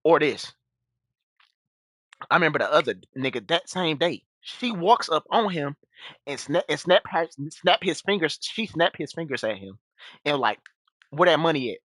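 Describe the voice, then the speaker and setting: A man's voice: fairly high pitch, very animated, moderate pace, fairly bright tone, no echo, clean studio sound. A young man streaming and casually telling a story to his chat, rambling with many restarts and asides.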